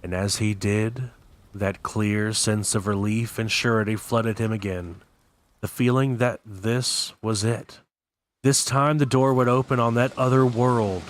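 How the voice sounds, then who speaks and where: A man reading a novel aloud as host of his channel, in a steady, deliberate way with occasional slips. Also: fairly low pitch. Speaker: audiobook reader.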